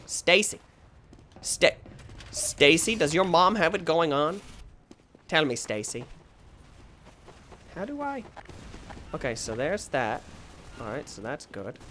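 A man hosting a gaming channel, giving excitable let's play commentary that swings into yelps and shouts when frustrated, often mocking himself. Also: medium pitch, slight background noise.

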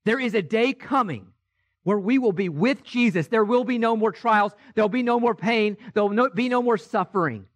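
A high-voiced man delivers an Easter sermon as pastor. He moves between quiet, drawn-out lines and passionate shouts. The sound is of a church service. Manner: impassioned, swings from hushed to shouted. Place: church sanctuary.

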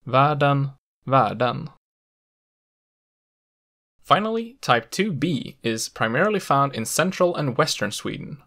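A man narrating a scripted language lesson, explaining clearly with the odd playful aside. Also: mid-range voice, fairly bright tone. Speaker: language educator.

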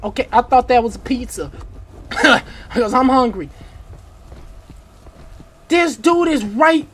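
Panicking through a horror game, this gamer delivers laid-back, slangy commentary that keeps circling back to short exclamations before erupting into shouts. It's a medium-pitched voice with lively intonation, taking things slowly.

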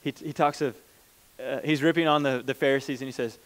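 A man's voice: mid-range voice, fairly even intonation, brisk. A man preaching a conversational sermon as pastor, plain-spoken and informal, often restarting mid-sentence.

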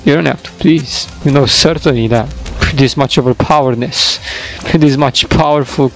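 A man's voice: mid-range voice, normal speed, faint music behind, poor audio. Giggly young man rambling over gameplay. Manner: rambling and giggly, gets loud and excited. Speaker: gaming YouTuber. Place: home computer setup. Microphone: desktop microphone.

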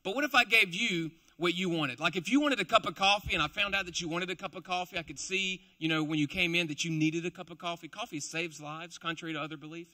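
A man's voice: high voice, quick pace, hardly any pauses, bright, forceful tone. A young man preaching a casual, joking sermon to a live congregation, with playful asides. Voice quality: chatty, playful, self-deprecating asides. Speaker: preacher, also a school teacher.

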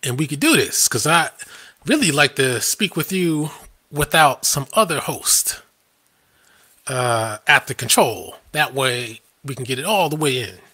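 Husky, bright-voiced ranting man. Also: mid-range voice, animated, unhurried. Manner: combative, scoffing, laughs at his own points. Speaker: live stream host. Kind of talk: ranting live-stream commentary.

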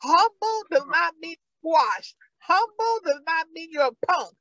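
A woman's voice: very high voice, animated, a little slow, fairly bright tone, no echo, dull audio. A woman pastor with a New York accent, preaching a sermon with fervent, repeated calls.

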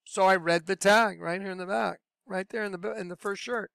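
A man telling his personal religious testimony in a lively storytelling way, acting out what he said back then. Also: sits high, fairly quick, creaky, clean tone, no echo. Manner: animated storyteller, acts out his own past voice. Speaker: speaker sharing a religious testimony.

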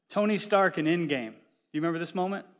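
This sermon comes from a middle-aged pastor whose voice runs on the high side; he preaches in church with an animated, humorous storytelling style.

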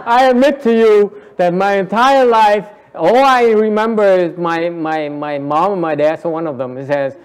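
A man with a high voice teaches a Dharma class. He jokes, coaxes answers from the room and laughs often, mixing English and Vietnamese as he explains. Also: normal speed, hardly any pauses, clean tone. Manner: playful, coaxing the audience, switching between English and Vietnamese; frequent laughter and repeated "yes, yes". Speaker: Buddhist teacher.

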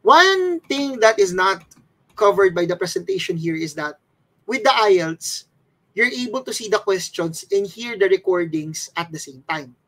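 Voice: mid-range voice, sing-song, moderate pace, a bit bright, rough recording. A test-prep instructor from the Philippines, patiently explaining things step by step as a slide lesson.

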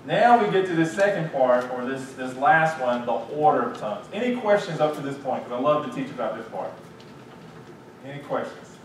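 A man, a pastor, leading a Bible study and teaching in an animated, lively way with acted-out asides. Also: mid-range voice, moderate pace. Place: church sanctuary. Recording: echoey room, distant mic, faint hiss.

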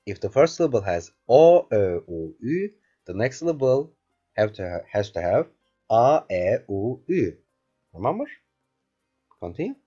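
A man with a low, mellow voice teaches an online beginner lesson. He drills the points patiently and often pauses to check that his learners remember. The sound is dull and lo-fi, with faint music underneath. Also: big pitch swings, husky. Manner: patient, slow drilling, keeps asking "remember?". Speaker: language teacher.

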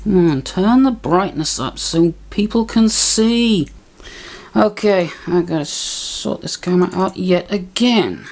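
Slow, grumbling low-voiced woman tinkering. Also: darkish tone. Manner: grumbling, self-mocking muttering. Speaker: video maker. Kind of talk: casual rambling tinkering vlog.

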